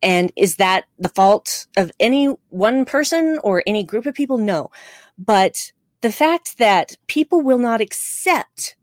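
A woman co-hosting a casual podcast, speaking in an emphatic, impassioned way. Her voice sits a little high. The recording is dry, with no room sound. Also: dry recording. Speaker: podcast co-host. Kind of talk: casual chat.

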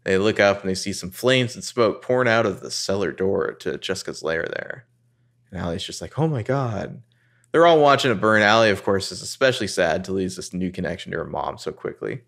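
A man co-hosting a casual podcast, recapping a TV episode and quoting the characters in excited voices. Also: fairly quick, creaky. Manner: animated, jumps into high voices quoting characters.

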